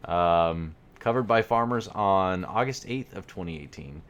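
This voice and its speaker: A man's voice: deep voice, lively intonation, measured pace, lo-fi sound. A man co-hosting a podcast in casual chat, reading ad copy with playful emphasis and laughing often. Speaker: podcast co-host.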